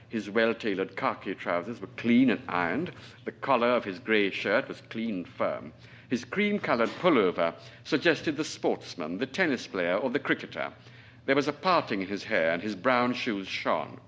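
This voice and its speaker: A novelist in his forties from Trinidad, reading his own fiction aloud at a lecture in a measured, deliberate way. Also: lowish voice, a bit bright, a little hiss or hum. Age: 40s.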